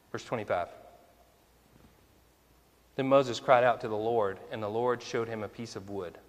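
Conversational low-voiced male preacher. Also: measured pace, pauses often, long reverb tail. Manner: conversational, fond of rhetorical questions. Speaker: minister. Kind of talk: sermon.

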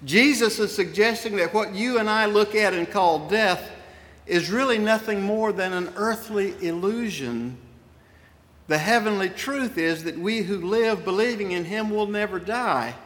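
A man's voice: high-pitched, measured pace, fairly bright tone. A middle-aged male pastor preaching a sermon in a folksy storytelling way, with asides to his congregation. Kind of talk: sermon with personal stories. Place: church sanctuary. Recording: long reverb of a large church.

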